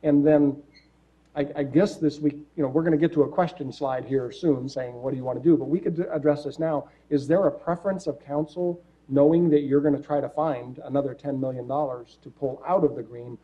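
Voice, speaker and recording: A man on city staff explaining budget options to a council in a public meeting, walking through the figures and pausing on fillers. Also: fairly high pitch, fairly even intonation, breathy edge. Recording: dull lo-fi meeting audio.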